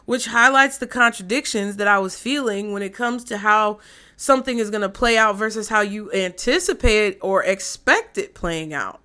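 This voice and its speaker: Woman, tarot reader, casual, blunt and frank, swears freely, mid-pitched voice. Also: moderate pace, bright, forceful tone, smooth.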